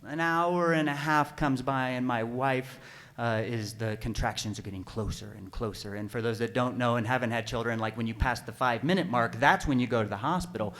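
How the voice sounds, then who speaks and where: A man telling a personal story live on stage at a story slam, animated and self-deprecating, now and then bursting into panicked yelps. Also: medium pitch, fairly quick. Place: stage at an arts center.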